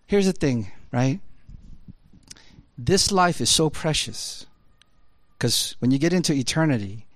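A man preaching a casual, animated sermon, jumping from loud high emphasis to low quiet asides, with laughs and fillers. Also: measured pace, pauses often, dry recording.

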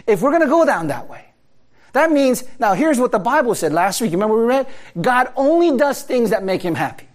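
A man preaching a sermon in a conversational way, asking his listeners rhetorical questions and laughing now and then. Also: very high-pitched. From America. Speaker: pastor.

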